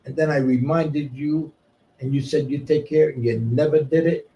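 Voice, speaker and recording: A man telling stories casually, profane and animated, moving between shouting and murmuring. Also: fairly high pitch, moderate pace, highs cut off. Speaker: guest storyteller. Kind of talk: casual storytelling. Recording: distant mic with faint noise.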